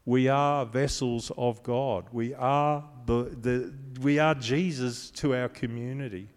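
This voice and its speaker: A man's voice: medium pitch, fairly even intonation, takes it slowly. A male pastor preaching a sermon with an emphatic, repetitive cadence. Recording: long hall reverb.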